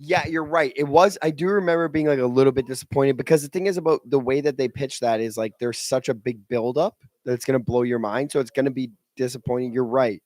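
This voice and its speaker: A man co-hosting a podcast, talking in a rambling, animated way and acting out other people in quick asides. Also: medium pitch, dry recording. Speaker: podcast co-host. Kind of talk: casual chat.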